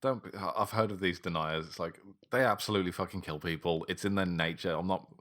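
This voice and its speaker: A man's voice: deep voice, fast talker, fairly bright tone. A man co-hosting a podcast, chatting casually, swearing and laughing as he rambles. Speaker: podcast co-host. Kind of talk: casual chat.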